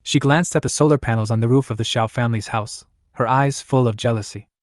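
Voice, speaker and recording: A man reading a story recap as scripted narration, in an even, plain voice. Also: medium pitch, fairly quick, dry recording, clean studio sound.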